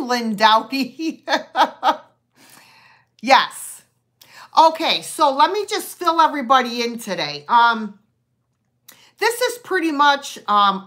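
A middle-aged woman hosting a live online sale, chatting casually and rambling as she greets viewers by name. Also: on the high side. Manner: chatty and rambling, with many fillers and warm greetings.

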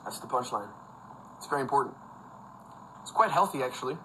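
A man's voice: mid-range voice, lively intonation, fairly quick, sharp tone, a little hiss or hum, low-quality recording. A young man hosting a casual phone livestream from home, talking loosely with lots of fillers and frequent laughs. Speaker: livestream host. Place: indoors at home with a fan.

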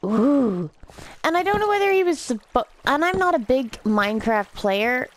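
A woman's voice: high-pitched, sing-song, moderate pace, slight background noise. Tipsy woman rambling over gameplay. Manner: rambling, swears a lot, easily amused. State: drunk. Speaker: gameplay commentator. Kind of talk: rambling let's-play commentary.

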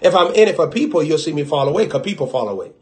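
A man with a Southern US accent preaching a sermon, swinging between loud exhortation and hushed low asides and acting out little dialogues. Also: big pitch swings, rapid-fire.

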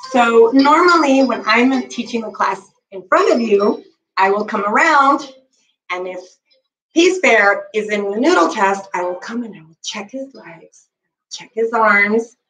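Woman with a higher voice, slow-paced kids yoga teacher, counts poses patiently, mic set back. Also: a bit bright, reverberant, recorded from a distance, low-quality recording. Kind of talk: guiding a children's bedtime yoga class.

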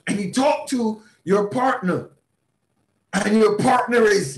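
Slow, high-voiced man teaching like a preacher. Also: animated, echoey room. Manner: emphatic, repeats words, bursts into sudden shouts. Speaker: bishop and mentor teaching a class. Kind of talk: motivational teaching talk in a preaching style.

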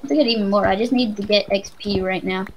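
A woman chatting while she plays a game, her pitch sitting right in the middle of the range. She rambles and jokes easily with her co-player. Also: fairly even intonation, fast talker, a little hiss or hum, poor audio. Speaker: let's play co-host. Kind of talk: casual gaming chat.

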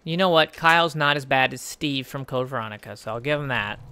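A let's play commentator giving casual gaming commentary, sarcastic and swearing freely while yelling at the game characters. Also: mid-range voice, fairly quick, clear, resonant tone.

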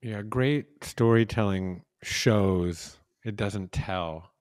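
A man in his fifties hosting a podcast interview, telling reflective stories in a casual, unhurried way. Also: fairly low pitch, darkish tone, no echo, studio quality. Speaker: podcast host.

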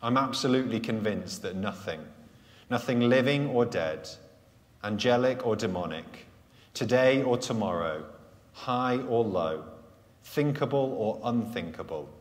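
A man preaching a live sermon at a Sunday church gathering, earnest, letting key phrases fall soft and low. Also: lively intonation. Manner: earnest, slows and drops softly on key phrases. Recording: echoey church hall sound.

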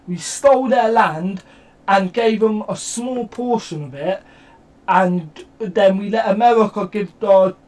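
A man's voice: high voice, a little slow, a little mellow, far from the mic, low-quality recording. Rambling English man, slightly off-mic. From England. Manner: rambling, slangy and emphatic, swears a lot. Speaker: reaction YouTuber. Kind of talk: casual reaction commentary.

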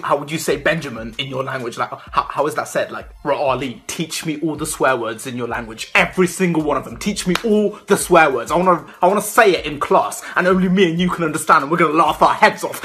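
Young guy, cheeky and hyper, bright voice, faint music behind. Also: on the high side. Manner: cheeky, animated and excitable. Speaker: comedy sketch creator. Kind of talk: comedy sketch.

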